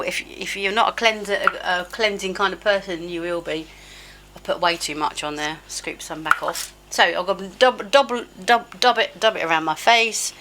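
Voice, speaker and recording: A woman's voice: mid-range voice, a bit bright, a little hiss or hum. A woman in her fifties chatting casually through her bedtime skincare routine, self-deprecating and laughing at herself. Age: 50s. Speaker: beauty vlogger. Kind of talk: casual skincare tutorial chat. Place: home, at a sink. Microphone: camera close up.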